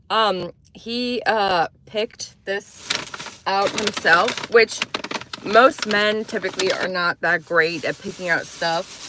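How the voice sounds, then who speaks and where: A woman's voice: mid-range voice, slow, sharp tone, a little hiss or hum. A woman chatting casually on a livestream from inside her car, rambling through her thoughts and thanking viewers by name. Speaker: livestream host.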